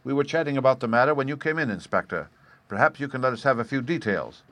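A man voicing a thoughtful, drily amused detective who reasons in a measured way, in an audiobook reading. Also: medium pitch, fairly bright tone, no echo, close to an everyday voice. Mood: musing. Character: sharp, languid male detective, thoughtful and dry.

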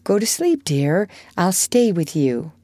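A spirited, blunt young woman, as a woman reading a storybook puts her on. She talks in a low, close, dry voice, brisk when she scolds and gentle when she comforts. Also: very animated, no echo, full character voice. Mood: tender. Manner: brisk, scolding, then softly coaxing.

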